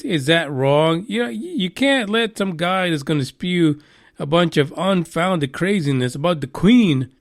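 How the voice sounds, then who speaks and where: A man hosting a live podcast, with a voice that sits a bit high for a man. He swears freely and jokes as he chats casually. The sound is dry, with no room echo. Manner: profane, joking, animated. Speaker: podcast host.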